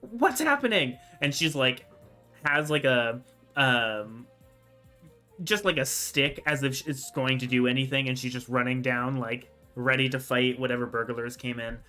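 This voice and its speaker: Bright-voiced man running a tabletop game. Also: medium pitch, level tone, a little slow, soft background music. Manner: chatty, filler-heavy narration. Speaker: game master.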